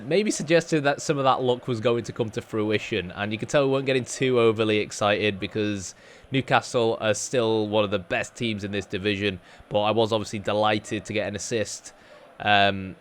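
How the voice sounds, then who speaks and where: A man's voice: on the low side, a bit bright, a little hiss or hum. Chatty man narrating football gameplay. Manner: chatty, self-deprecating, rambling with fillers. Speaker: gaming YouTuber. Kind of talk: casual gameplay commentary.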